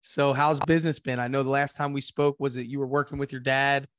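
A man hosting a business podcast, upbeat and direct, his voice hoarse from losing it. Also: medium pitch, flat delivery, fairly quick, fairly bright tone, no room sound, studio quality. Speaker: podcast host. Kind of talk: casual podcast interview.

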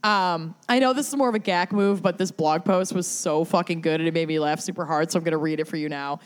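A woman's voice: lowish voice, quick pace, smooth. A young woman co-hosting a casual podcast, reading a funny blog post aloud and laughing as she goes. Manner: lively, laughing while reading. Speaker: podcast co-host.

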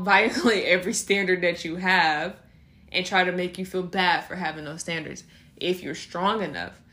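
A young adult woman hosting a casual faith-based podcast, talking in an animated way, often laughing between phrases and slipping into acted voices. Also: on the low side. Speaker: podcast host.

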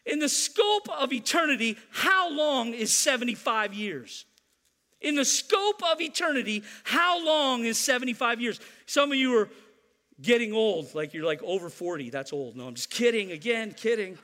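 High, bright-voiced preacher in echoing church. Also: male voice, animated, moderate pace. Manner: emphatic, repeats key lines, teases the congregation. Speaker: pastor. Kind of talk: sermon.

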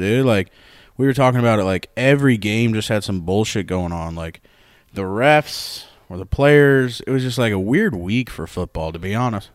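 A young man hosting a casual sports podcast, telling stories loosely with lots of swearing and laughter. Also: on the low side. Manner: loose, profane, storytelling, laughs often. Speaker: podcast host.

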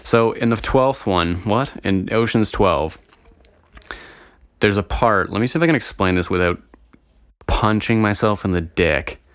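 A man's voice: on the low side, measured pace, long pauses, no room sound, studio quality. A young man chatting casually and profanely to his viewers, rambling and getting sidetracked as he talks. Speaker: vlogger. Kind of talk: casual solo chat to viewers.

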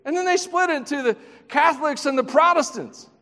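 A man with a high-pitched voice preaches a sermon. He builds to loud, emphatic passages, then drops to quiet, hushed questions, and adds self-deprecating asides. His voice carries the long reverb of a large church hall. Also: brisk. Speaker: pastor.

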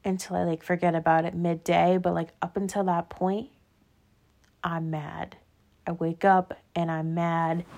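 A woman's voice: lowish voice, level tone, unhurried, creaky, darkish tone. A young adult woman hosting her own show, chatting casually and rambling through stories with lots of "like" and tangents. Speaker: podcast host. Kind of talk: casual solo chat.

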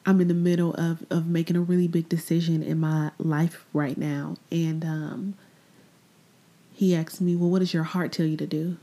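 A woman hosting a personal faith podcast, talking candidly and reflectively, often trailing off into soft, breathy asides. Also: low-pitched, little pitch movement. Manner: repeats phrases, trails off into pauses. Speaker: podcast host.

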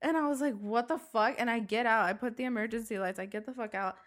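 Animated, swearing young woman storyteller. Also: a little high, fast. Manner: animated storytelling, swears a lot, acts out quotes. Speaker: podcast co-host. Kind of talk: casual chat. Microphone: desk mic.

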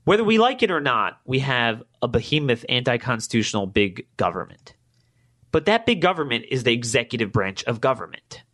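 A man hosting his own political podcast, talking alone to his listeners, growing emphatic and climbing higher when he gets indignant, and acting out both sides of past conversations. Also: very animated, brisk, fairly bright tone. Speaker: podcast host. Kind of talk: political commentary monologue.

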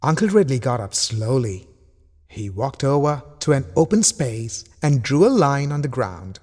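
A man reading a children's story aloud in slow, animated storytelling narration. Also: medium pitch. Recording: long hall reverb.

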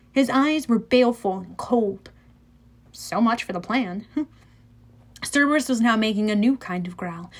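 A woman narrating a children's fantasy audiobook in the first person, lively and storytelling. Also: on the high side.

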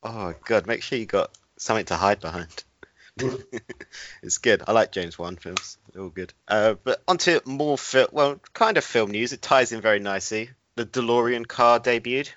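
A low-voiced man with a bright, forward tone hosts a casual podcast chat and often breaks into laughter. He steers the conversation from one subject to the next. The recording is a little dull and lo-fi. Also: moderate pace. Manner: laughs often, leads topics. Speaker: podcast co-host. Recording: dull lo-fi sound.

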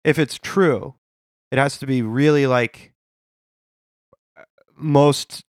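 A man's voice: medium pitch, steady tone, takes it slowly, no room sound. Dry, rambling man on a podcast. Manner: dry, rambling, absurd riffs. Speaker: podcast co-host. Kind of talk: casual comedic chat. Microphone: studio podcast mic.

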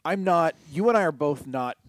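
A middle-aged man co-hosting a podcast, chatting casually about sports and telling stories with drawn-out, emphatic words. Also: a little high, no echo, clean studio sound. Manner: animated storyteller, stretches key words. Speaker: podcast co-host.

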